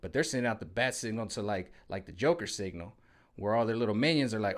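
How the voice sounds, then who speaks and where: A man's voice: lowish voice, animated, fast. Slangy rambling man ranting at home. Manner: rambling, slangy, repeats "you know what I'm saying". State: sweating in the heat. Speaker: vlogger. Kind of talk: casual political rant. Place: hot room at home.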